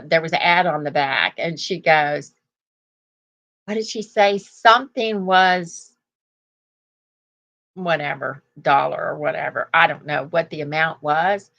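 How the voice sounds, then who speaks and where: A woman's voice: sits low, gravelly, bright, forceful tone, highs cut off. An older woman hosting a casual live chat, rambling through stories and laughing often. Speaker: host.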